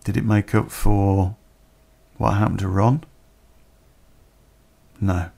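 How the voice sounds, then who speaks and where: A man telling a personal story on a podcast in a plain-spoken, unhurried way with pauses. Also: lowish voice, level tone, vocal fry, dark tone.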